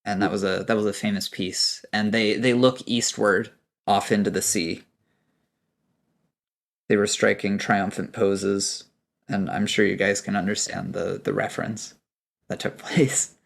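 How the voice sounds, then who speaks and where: A man's voice: on the low side, level tone, measured pace, creaky. A young man narrating a tabletop game as game master, rambling with many fillers.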